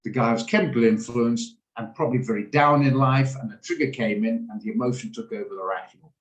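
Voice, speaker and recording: A man's voice: medium pitch, fast talker. Emotional, rambling male host on a video call, in a roomy space. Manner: emotional, rambling, rants and laughs. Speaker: trading room host. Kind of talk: casual talk on a video call. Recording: echoey room on a video call.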